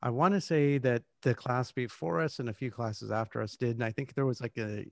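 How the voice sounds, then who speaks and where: Gravelly-voiced man chatting in a dry room. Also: medium pitch, fairly even intonation, fairly quick, darkish tone, no echo. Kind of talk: casual interview chat.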